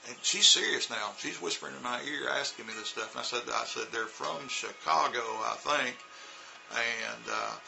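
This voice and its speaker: A man's voice: mid-range voice, normal speed, vocal fry, music in the background, low-quality recording. A man casually telling stories about teaching, rambling with many fillers and restarts. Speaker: vlogger recounting teaching in China. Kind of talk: casual storytelling.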